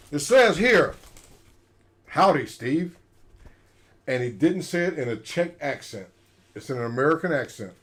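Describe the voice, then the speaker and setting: A man's voice: a little high, very animated, normal speed, long pauses, a bit bright. A man hosting a livestream, chatting casually and playfully with frequent jokes and laughs. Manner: jokey, laughs often, playful. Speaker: show host.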